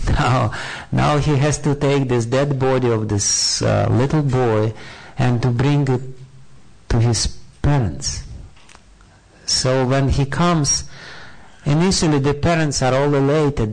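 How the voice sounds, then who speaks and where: A man recounts an old scripture story as a spiritual talk, pausing often and searching for the right words. His pace is slow and deliberate. His voice carries a gravelly, creaky texture. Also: mid-range voice, darkish tone, rough recording.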